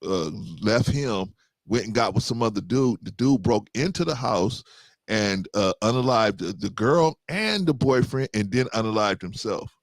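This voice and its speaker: A man hosting a casual group chat, an animated storyteller who often laughs. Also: on the low side, normal speed, no room sound. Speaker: podcast host.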